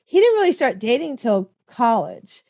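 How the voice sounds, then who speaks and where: A middle-aged woman hosting an interview, effusive and quick to laugh as she chats about family. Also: a little high, sing-song, warm tone. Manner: enthusiastic, effusive, laughs often. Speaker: host. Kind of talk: casual interview chat.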